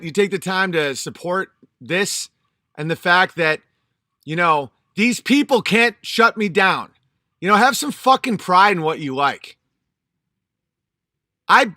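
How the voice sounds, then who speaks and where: High-voiced man on an angry rant. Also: bright, forceful tone, no room sound, studio quality. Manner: angry, profane, emphatic. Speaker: channel host. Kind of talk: ranting vlog monologue.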